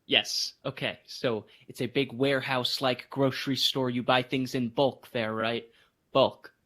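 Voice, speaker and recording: A man co-hosting a podcast, telling a story in casual chat and jumping into high voices for emphasis. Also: a little slow. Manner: animated storytelling, voices others in bursts of high pitch. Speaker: podcast co-host.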